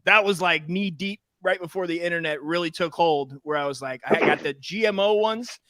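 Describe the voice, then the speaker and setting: A man with a high, bright voice, chatting loosely and full of slang, often breaking into laughs. The sound is close and dry, with no room around it. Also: moderate pace, no echo. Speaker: podcast co-host. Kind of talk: casual chat.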